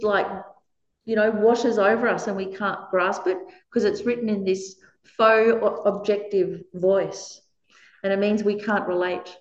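A woman leading a workshop for a small group, lively and laughing often as she acts out quoted lines. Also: medium pitch. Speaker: workshop leader. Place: meditation centre room. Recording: echoey room, dull lo-fi sound.

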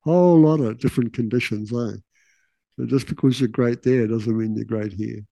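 Aussie guy, laid-back teaching chat, mellow darkish voice, dry close sound. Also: mid-range voice, normal speed, gravelly, no room sound, poor audio. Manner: relaxed, laughing asides, acts out quotes. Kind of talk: casual teaching talk.

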